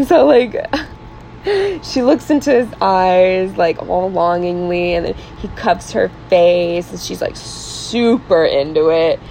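A woman's voice: lowish voice, slow, creaky, dark tone, slight background noise, poor audio. A young woman hosting a podcast, recapping a film in casual chat, acting out the characters' lines and laughing often. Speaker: podcast host.

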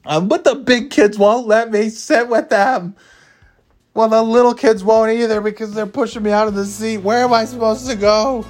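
A man's voice: sits high, steady tone, normal speed, faint music behind, pitched above the performer's own voice, natural voice. A man voicing an anxious young schoolboy who pleads and whines in a raised, childish voice. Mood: whining. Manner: pleading, whiny.

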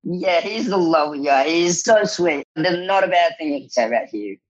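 A man, an actor guest, telling stories in a casual interview, animated and laughing often as he quotes others. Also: a little high, normal speed, lo-fi sound. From New Zealand.

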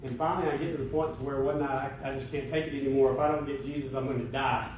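A man's voice: mid-range voice, steady tone, racing, noisy background. A man preaching a sermon to his church, speaking with building, impassioned emphasis. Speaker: pastor. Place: church sanctuary. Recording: very echoey room, voice from a distance.

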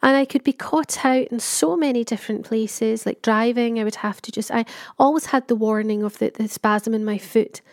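A middle-aged woman speaks in a candid, chatty personal monologue, her voice sitting a little high. She circles back often with fillers and restarts. The sound is dry and close, with no room around it. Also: fairly even intonation, moderate pace, darkish tone, no room sound. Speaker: patient telling her story.

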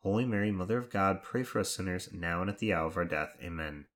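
Man, very low voice, reverent measured prayer recitation, devotional reading. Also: fairly bright tone. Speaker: prayer leader.

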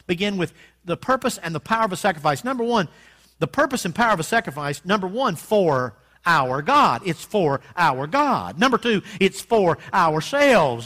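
A man's voice: high-pitched, fairly bright tone. A male pastor preaching a sermon, reading scripture aloud and calling on the congregation to repeat after him. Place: church sanctuary.

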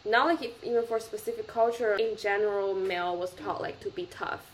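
A woman's voice: medium pitch, steady tone, fairly quick, rough recording. Young woman, gropes for english words, light hiss. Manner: searching for words, non-native grammar, giggly. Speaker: podcast co-host. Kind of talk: casual chat.

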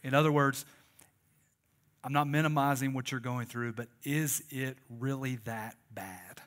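A man's voice: medium pitch, steady tone, measured pace, a bit bright. A man preaching a sermon, conversational and joking and calling on the congregation to respond. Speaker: pastor.

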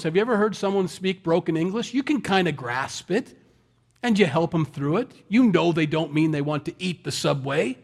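A man's voice: a little high, lively intonation, normal speed, gravelly. A man preaching a sermon in a conversational, folksy way, with self-deprecating asides. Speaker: pastor.

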